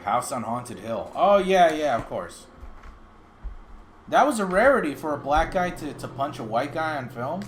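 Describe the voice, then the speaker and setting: A man reacting live to a film, loud and crude, with a high voice that jumps all over as he laughs and jokes. He swears freely and puts on goofy accents when chat asks. A faint hiss sits under the recording. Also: big pitch swings, normal speed. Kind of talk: casual livestream reaction.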